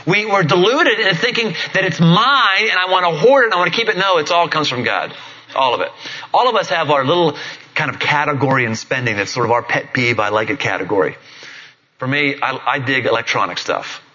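A man's voice: a little high, lively intonation, brisk, bright, forceful tone. A middle-aged man, a pastor preaching a sermon in a conversational, jokey storytelling manner. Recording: dull lo-fi recording.

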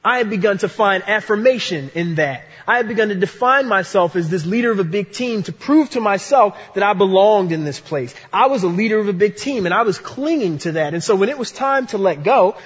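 A man's voice: high-pitched, fairly bright tone, slightly rough, big-room sound, lo-fi sound. A man preaching a sermon in an earnest way, repeating his key phrases for emphasis. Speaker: pastor.

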